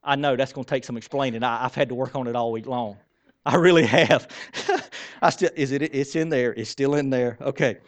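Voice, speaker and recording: A man preaching a sermon in a church, conversational and animated, with self-deprecating asides. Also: mid-range voice, brisk. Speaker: pastor. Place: church sanctuary.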